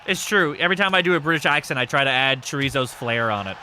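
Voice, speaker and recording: A man hosting a live stream, giving casual commentary on a wrestling game with excitable, crude joking. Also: mid-range voice, fast, a little hiss or hum. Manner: excitable, crude and joking, yelps at big moves.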